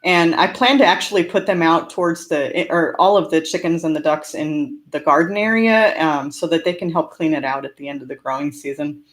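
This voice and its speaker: A woman with a low-pitched voice talks briskly with few pauses, her speech touched by a slight rural American twang. Hosting a homesteading channel's casual live-stream Q&A from California, she answers chat upbeat and chatty, laughing often between remarks.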